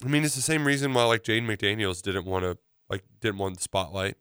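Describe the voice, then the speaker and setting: Chatty radio co-host. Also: male voice, lowish voice, animated, fairly quick, fairly bright tone, clean tone, dry recording, studio quality. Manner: loose and chatty, heavy on "like". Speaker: co-host of a radio sports and politics show. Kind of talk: casual talk-radio banter.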